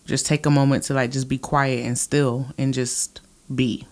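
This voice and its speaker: A woman co-hosting a casual podcast chat, animated and expressive, saying "like" a lot. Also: very deep voice, moderate pace. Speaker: podcast co-host.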